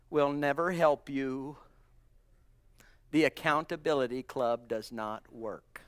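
A middle-aged man preaching a sermon, going from loud exclamations to hushed near-whispers, and slowing down low for scripture quotes. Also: steady tone, clear, resonant tone, no echo, clean studio sound.

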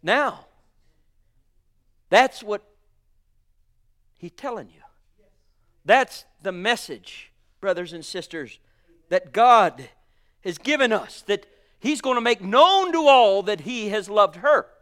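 Fervent male preacher, high bright voice, slow measured delivery that surges loud and drops to a hush. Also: animated. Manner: swings between booming exclamations and hushed murmurs; fervent, calls listeners honey and sweetheart. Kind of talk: sermon.

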